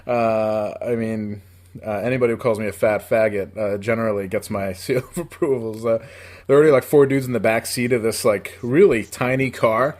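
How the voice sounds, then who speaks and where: Man, thirties, from upstate new york, podcast co-host, casual storytelling, swears a lot, rambling, laughs often, mid-pitched. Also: fairly even intonation, fairly quick, darkish tone.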